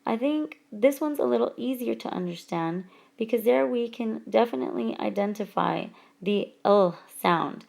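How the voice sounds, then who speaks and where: A woman teacher giving a recorded lesson over whiteboard slides, speaking slowly and deliberately and stretching out example words. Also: on the high side, creaky, a little mellow.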